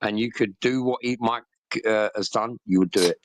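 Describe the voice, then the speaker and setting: A man's voice: lowish voice, steady tone, moderate pace, background noise. A middle-aged man, chatting casually and telling stories in a boisterous way, swearing heavily. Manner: boisterous, heavy swearing, storytelling. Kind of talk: casual chat.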